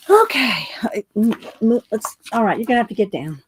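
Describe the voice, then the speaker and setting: A woman's voice: fairly high pitch, lively intonation, normal speed, darkish tone, a little hiss or hum. A middle-aged woman hosting a casual livestream, chatting in a rambling way, laughing often and greeting her viewers. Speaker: livestream host.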